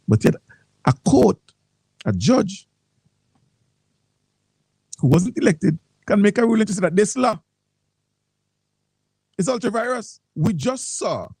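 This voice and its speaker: A man's voice: fairly high pitch, vocal fry, warm tone, husky, no echo, low-quality recording. A man with a Vincentian accent hosting a morning talk radio show, reading posts aloud and commenting with frequent repeated words.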